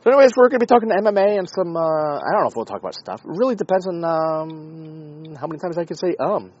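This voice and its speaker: A man hosting a podcast, talking in a rambling, sarcastic, profane comedic monologue with a husky voice. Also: on the high side, lively intonation, fast, a little mellow, dull audio. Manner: rambling, sarcastic, swears often. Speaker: podcast host.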